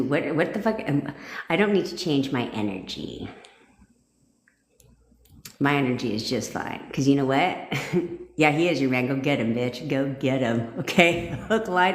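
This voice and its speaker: A blunt, foul-mouthed woman chats live with her viewers, excitable and breaking into laughs. Her voice sits low for a woman. The sound bounces around an echoey room. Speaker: manifestation coach hosting a livestream. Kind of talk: casual livestream chat with viewers.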